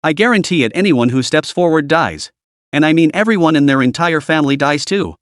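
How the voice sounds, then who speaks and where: A man's voice: a little high, lively intonation, fairly quick, dry recording, studio quality, lightly acted. Man doing an arrogant sneering thug. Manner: sneering, boastful, threatening. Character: arrogant young man, threatening gangster son. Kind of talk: audiobook character voice.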